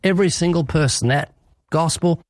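A man on the high side speaks at a moderate pace in a dry, clean studio recording. Appearing as an evangelist interview guest, he answers in a preaching manner, earnest and emphatic, and brings in little acted quotes to illustrate.

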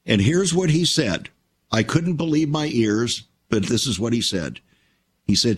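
An older man hosting a Christian radio talk show, telling stories in a measured, reflective way. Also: mid-range voice, expressive, breathy edge.

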